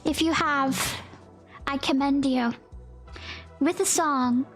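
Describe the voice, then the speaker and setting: Bubbly high-voiced woman livestreamer. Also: takes it slowly, over loud music. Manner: bubbly, gasping and giggling, greeting chatters with howdy. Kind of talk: casual livestream chat, reading chat.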